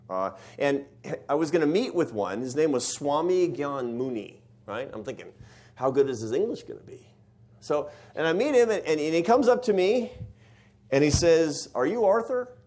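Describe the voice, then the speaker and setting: A man's voice: mid-range voice, darkish tone. A middle-aged man giving a university lecture, telling a story with lots of rhetorical questions to the audience.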